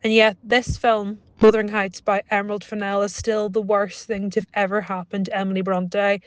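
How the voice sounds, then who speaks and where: A woman's voice: mid-range voice, little pitch movement, normal speed, smooth. A chatty woman gives a wry, casual film review, speaking into a small phone microphone. The sound is dry and close, with no room echo. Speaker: podcast co-host. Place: cinema lobby.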